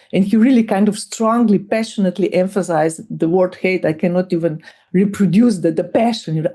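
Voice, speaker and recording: A middle-aged woman with a Slovenian accent gives an academic lecture, speaking in a measured way with frequent fillers and restarts. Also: on the low side, warm tone.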